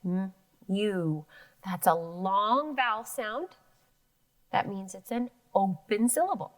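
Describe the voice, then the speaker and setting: A woman's voice: mid-range voice, lively intonation, unhurried. A woman teaching an elementary phonics lesson, sounding out words syllable by syllable.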